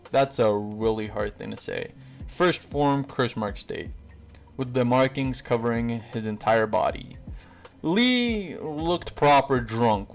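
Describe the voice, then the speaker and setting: A man narrating a fan-made story in a casual, rambling way, with fillers and self-corrections. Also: mid-range voice.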